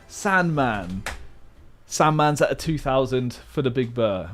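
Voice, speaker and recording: A man's voice: mid-range voice, very animated, a little slow, faint music behind. A young man streaming a word game live, calling out chat guesses in a hyped play-by-play way like a sports commentator. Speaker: livestreamer.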